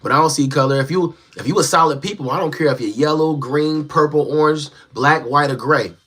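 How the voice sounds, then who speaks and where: A young man chatting casually on a live stream from a small home setup, reading and answering viewer comments in a relaxed, slangy way. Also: on the high side, brisk, slightly rough. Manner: laid-back, slangy, talks straight to viewers. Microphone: phone.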